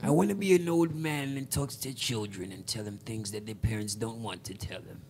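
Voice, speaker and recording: A man's voice: on the low side, brisk, darkish tone, slight background noise, voice pushed down, close to an everyday voice. A man improvising a creepy old man who tells children things their parents won't, in a sly, rambling way. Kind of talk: improvised character voice on a radio show.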